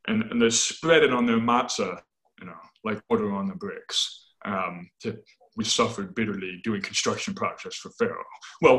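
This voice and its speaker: A man explaining as a scholarly guest in conversation, animated, often checking in with "right?" and correcting himself as he goes. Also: fairly low pitch, low-quality recording. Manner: animated, tags points with "right?".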